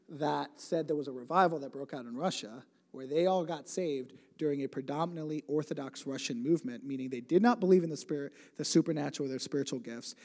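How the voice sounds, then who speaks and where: A man's voice: a little high, dark tone. Chatty young man preaching in echoey hall. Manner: rambling, self-interrupting, conversational with humor. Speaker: church speaker. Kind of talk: sermon storytelling. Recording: long hall reverb.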